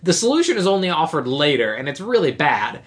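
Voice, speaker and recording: A woman's voice: sits low, sing-song, fairly quick. Rambling woman recapping a movie. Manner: rambling, acts out characters' lines. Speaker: podcast co-host. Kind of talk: casual movie recap chat.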